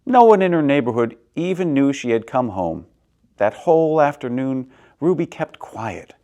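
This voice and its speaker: Lively man reading a picture book aloud. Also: medium pitch, moderate pace. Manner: expressive, swoops between soft and loud. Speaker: storyteller, theater director.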